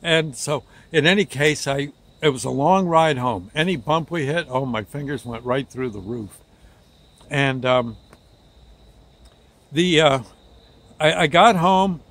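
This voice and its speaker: A man recounts a personal mishap in a relaxed, rambling way. He stumbles over words and restarts sentences often. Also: on the high side, measured pace, long pauses. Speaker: storyteller. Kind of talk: casual personal anecdote.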